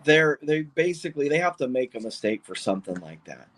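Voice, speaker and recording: A man who owns and drives a funny car, telling stories in an excited, rambling way with lots of restarts on a podcast. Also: a little high, fairly quick. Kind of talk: podcast interview, casual storytelling.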